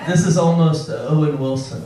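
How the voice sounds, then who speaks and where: A man doing a stand-up set, awkward and self-deprecating, halting with frequent ums. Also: on the high side, a crowd in the background. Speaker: stand-up comedian. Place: comedy club stage. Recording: roomy club sound from a distance with audience. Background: audience laughter.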